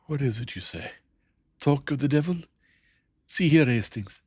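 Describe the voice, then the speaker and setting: A man voicing a formal, fussy older male detective who speaks in an emphatic, deliberate way. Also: mid-range voice, lively intonation, a little mellow, husky, dry recording, studio quality, pitched above the performer's own voice. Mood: teasing.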